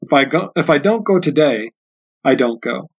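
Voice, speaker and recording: A frightened teenage boy begs and pleads, voice soft and low. A man reads him out in his own voice. It comes through a muffled, lo-fi recording. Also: animated, moderate pace, breathy edge. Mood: pleading. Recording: dull lo-fi sound.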